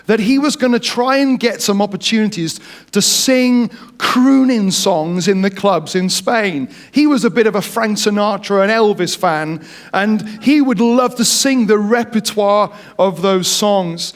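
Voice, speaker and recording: Male preacher, higher voice, lively jokey storytelling sermon. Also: a little slow. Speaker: pastor.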